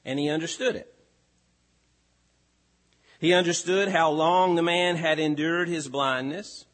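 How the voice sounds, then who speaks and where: A male pastor delivering a sermon, slow and emphatic with deliberate pauses. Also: a little high, a bit bright, in a large hall.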